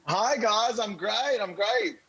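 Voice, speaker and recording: A man's voice: high voice, takes it slowly, sharp tone, highs cut off. An actor, a man, joining by video call, talking in a bubbly, self-deprecating way and laughing often. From United States. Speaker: actor, interview guest.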